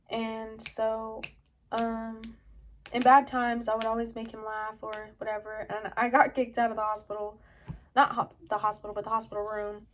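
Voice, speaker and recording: Young woman vlogging at home, kinda high voice, lots of like and um, just rambling through her story. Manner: rambling, heavy use of "like" and "um", with short laughs. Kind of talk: casual personal storytelling.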